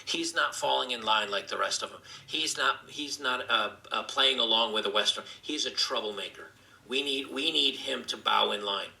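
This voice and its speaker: Gravelly, bright-voiced man in an echoey room. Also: medium pitch. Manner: earnest, halting with frequent restarts. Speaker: video commentator being reviewed. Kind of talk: opinion monologue.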